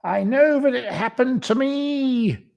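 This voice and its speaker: A shrill, indignant woman who declaims her grievances in a mocking high voice, as a man puts her on. She speaks slowly, with a gravelly edge and a lot of theatrical self-pity. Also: darkish tone, exaggerated voice. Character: self-pitying, indignant woman demanding justice.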